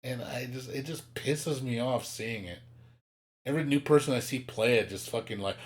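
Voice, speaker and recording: A man's voice: mid-range voice, moderate pace. Male streamer, casual exasperated rant, profane, mimics others mockingly. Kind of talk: casual chat.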